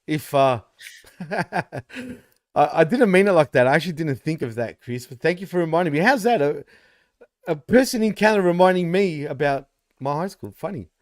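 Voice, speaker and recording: A man's voice: a little high, lively intonation, moderate pace, dry recording, clean studio sound. A man co-hosting a casual wrestling podcast, swearing freely, teasing and laughing often. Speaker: podcast co-host.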